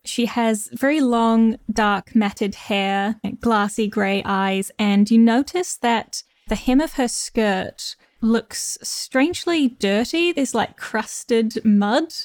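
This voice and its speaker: A woman's voice: a little high, takes it slowly, no echo. A woman describing her character in a tabletop game, somewhat hesitantly. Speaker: player.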